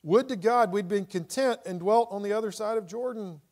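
A man's voice: high voice, moderate pace, a little mellow. A middle-aged man teaching a Bible study in a conversational way, reading scripture aloud with dramatic inflection.

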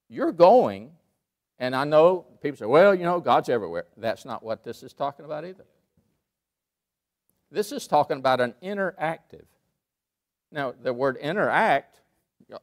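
A man preaching a sermon in a church, emphatic, rising to loud peaks and dropping to quiet asides. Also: medium pitch. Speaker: pastor. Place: church sanctuary.

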